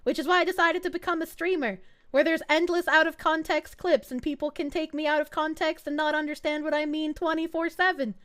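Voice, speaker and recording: Excitable, high-voiced young woman streamer. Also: a little fast. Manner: crude, excitable, laughs often. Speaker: VTuber streamer. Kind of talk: casual reaction stream commentary.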